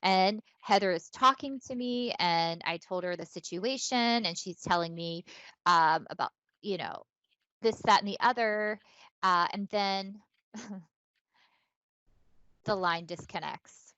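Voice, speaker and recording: A woman's voice: mid-range voice, slow pace, pauses often, fairly bright tone, no echo. A woman co-hosting a podcast, telling a long story in a rambling, filler-heavy way with some swearing. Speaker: podcast co-host. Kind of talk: casual storytelling chat. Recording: dull lo-fi dry sound.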